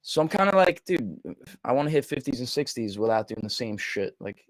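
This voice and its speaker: A young man chatting casually, excitable and swearing freely, often acting out his own quotes. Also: mid-range voice, no echo. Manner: excitable, swearing, quoting himself in quick asides. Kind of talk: casual chat.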